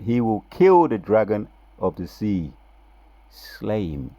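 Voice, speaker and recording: Deep gravelly man preaching scripture. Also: no room sound. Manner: reads scripture with loud, drawn-out emphasis; relaxed, slangy asides. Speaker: religious video preacher. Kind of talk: casual religious commentary with scripture reading.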